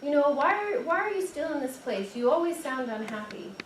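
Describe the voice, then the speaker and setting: A woman's voice: sits high, sing-song, brisk, slight background noise, voice pushed up. A woman voicing her blunt, puzzled grandmother in a plain, matter-of-fact way, in an echoey room from a distant mic.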